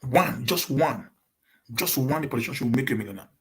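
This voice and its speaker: Fast-talking Nigerian man, repeating words. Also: medium pitch, expressive. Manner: quick, repeats and restarts words, mixes in pidgin. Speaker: live-stream host answering viewer questions. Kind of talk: casual chat to viewers.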